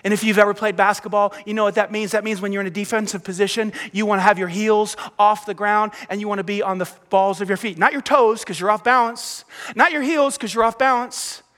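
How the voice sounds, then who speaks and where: A middle-aged male pastor preaching an energetic sermon, acting out the prayers and voices he quotes. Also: sits high, quick pace. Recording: long hall reverb.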